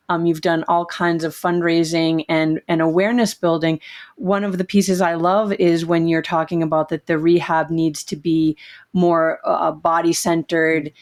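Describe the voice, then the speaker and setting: Woman interview host, lower voice, reflective and affirming. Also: a little mellow. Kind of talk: interview conversation.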